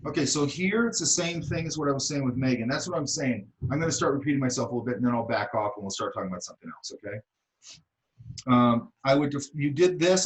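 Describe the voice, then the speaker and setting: A man with a fairly high voice, captured on a rough recording, teaches an art class in middle age. His critique is blunt and casual, and he checks in with students often, repeating "okay" and "does that make sense."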